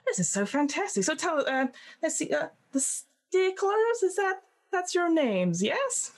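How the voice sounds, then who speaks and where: A woman's voice: extremely high pitch, sing-song, measured pace, pitched above the performer's own voice, exaggerated voice. A woman voicing a frantic, gushing female magazine editor who calls everyone honey and dear.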